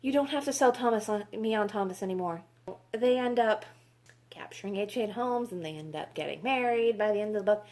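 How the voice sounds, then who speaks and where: A woman's voice: mid-range voice, brisk, darkish tone. A woman reviewing books in a casual vlog, exasperated, sarcastic and swearing freely. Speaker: book reviewer.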